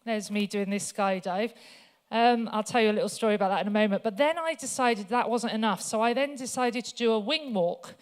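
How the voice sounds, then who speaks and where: A woman's voice: a little high, a little fast. A woman speaking at a church, telling funny personal stories in a chatty way with many fillers before she turns to scripture. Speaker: guest speaker.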